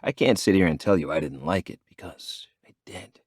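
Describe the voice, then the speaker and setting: A man narrates a romance audiobook in the first person, in a very deep voice. His delivery is low, measured and intimate. The sound is dry and close, with no room around it. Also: breathy edge, no echo.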